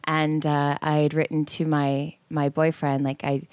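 A woman's voice: sits low, a little slow, clear, resonant tone, no room sound. A woman in her forties co-hosting a podcast, telling a personal story casually and acting out quotes with lots of fillers. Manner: animated, acts out quotes, frequent fillers. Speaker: podcast co-host.

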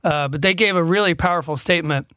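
A man with a fairly high voice argues bluntly on a casual podcast, swearing as he makes his point. The sound is dry and close, with no room around it. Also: fast talker, sharp tone, no room sound. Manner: blunt and opinionated, swears, quotes others. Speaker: podcast co-host. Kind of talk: casual chat.

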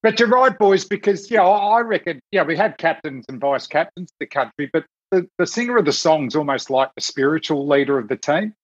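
Man, Australian accent, fairly high voice, chatty host, muffled lo-fi sound. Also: animated, brisk, hardly any pauses, no echo. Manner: eager, chatty questioner. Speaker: podcast host. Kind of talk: casual podcast interview. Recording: dull lo-fi audio.

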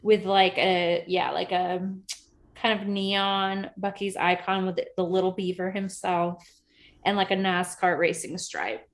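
A woman in her thirties co-hosts a podcast from a recording setup, chatting casually and upbeat with plenty of fillers. Her voice is lowish, her delivery flat, and her pace a little slow.

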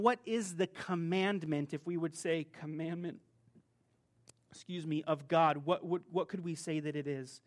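A man preaching a conversational sermon, telling a personal story and acting out the people in it. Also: on the high side. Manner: conversational, animated storytelling, acts out rude clerks. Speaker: pastor.

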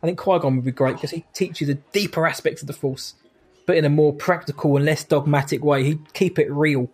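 A man, co-hosting a casual podcast and reading out listener questions. His voice sits a little high. He talks in a quick, upbeat way and laughs easily. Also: fairly even intonation, darkish tone, husky. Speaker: podcast co-host. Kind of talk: casual chat.

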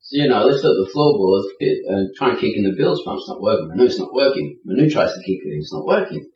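An animated man spins a casual story, his pitch rising and falling freely. He sounds distant in a roomy space. The recording is a little dull. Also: quick pace, gravelly. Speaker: guest storyteller. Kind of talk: casual anecdote.

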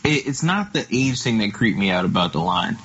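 A man in his twenties chatting casually with friends on a podcast, animated and laughing as he talks. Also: fairly low pitch, brisk, highs cut off, a little hiss or hum. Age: 20s. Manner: animated, laughing, loose slang. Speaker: podcast co-host. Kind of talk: casual group chat.

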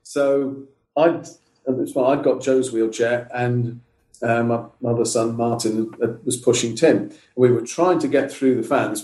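A middle-aged man, a guest on a podcast, telling a story in steady, careful detail. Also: mid-range voice, roomy sound. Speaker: guest, father of a wheelchair user. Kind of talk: podcast interview, recounting events.

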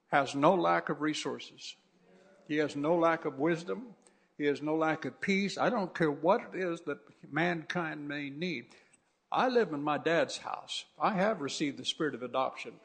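Man, pastor, sermon to a church congregation, rough gravelly edge, fairly high voice, fervent exhorting delivery. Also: fairly bright tone. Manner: fervent, exhorting, repeats phrases for emphasis. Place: church service before a congregation.

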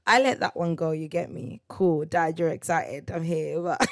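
A woman's voice: low-pitched, normal speed, few pauses. A young woman, chatting casually as the host of her own solo podcast. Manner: chatty, laughing, tag questions like "you get me?". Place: parents' house.

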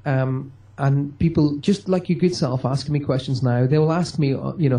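Medium, mellow tone, jokey storyteller who acts out the voices. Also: male voice, medium pitch, moderate pace, few pauses. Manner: lively, joking, acts out dialogue. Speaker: medium and touring stage performer. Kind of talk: storytelling interview answers.

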